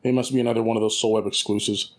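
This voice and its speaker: A man's voice: on the low side, level tone, rapid-fire. A man co-hosting a casual podcast, rambling and chatty with frequent restarts. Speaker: podcast co-host. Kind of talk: casual chat.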